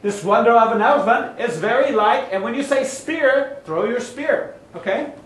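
A woman directing young actors in a play rehearsal, giving brisk, instructive, encouraging cues. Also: a little high, animated. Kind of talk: coaching a rehearsal. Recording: echoey hall from far off.

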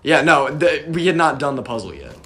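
Brisk and very animated, a young man chats with friends while playing a video game, explaining each step as he goes in this casual let's-play commentary. His voice is on the high side and somewhat bright, with faint noise in the background.

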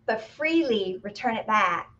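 A woman co-hosting a spiritual talk show, explaining her teachings in a casual, animated way with playful exclamations. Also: medium pitch, unhurried, slight background noise. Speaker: spiritual medium co-host. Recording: muffled lo-fi audio.

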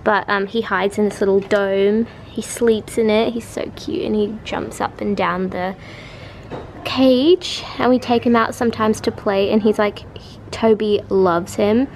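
A woman's voice: mid-range voice, steady tone, unhurried, a little mellow, slight background noise. A young woman chatting casually to camera in a bedroom, gushing and chatty. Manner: chatty and gushing, drops into baby talk with pets. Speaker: vlogger. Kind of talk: casual vlog chat. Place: bedroom at home.

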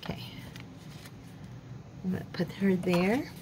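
Over heavy background noise, a woman speaks slowly in a fairly low voice as she hosts her craft channel. Her tutorial talk stays casual as she works, sprinkled with remarks about faith and moments of laughing at herself.

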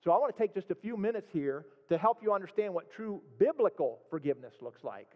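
A man's voice: high-pitched, lively intonation, quick pace. A man preaching a sermon as pastor, reading scripture with rising emphasis and then explaining it. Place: church sanctuary. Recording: dull sound with long hall reverb.

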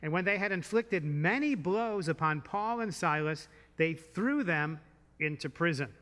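Male pastor, bright and slightly high, conversational sermon delivery, long church reverb. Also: animated, unhurried. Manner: conversational preaching with rhetorical questions. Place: church sanctuary.

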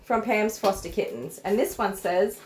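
A woman's voice: medium pitch, normal speed, a little hiss or hum, low-quality recording. A woman dog groomer hosting a casual livestream from her salon, chatty and easily emotional.

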